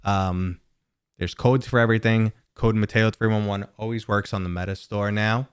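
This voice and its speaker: Brief: low-pitched male streamer, chatty and rambling, dry close sound, home setup. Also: fairly even intonation, moderate pace, clean tone, no room sound. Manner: rambling, chatty, talks to viewers and his dog. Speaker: gaming livestream host. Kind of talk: casual livestream chat.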